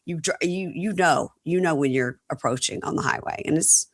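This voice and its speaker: A woman's voice: sits low, moderate pace. A woman hosting a podcast, chatting casually about a reality TV episode and acting out quotes from the show. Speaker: podcast host. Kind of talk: casual chat recapping reality TV.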